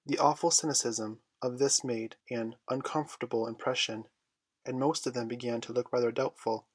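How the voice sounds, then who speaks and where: A man narrating a storybook in a measured, expressive reading voice. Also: medium pitch, breathy edge, dry recording. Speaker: audiobook reader.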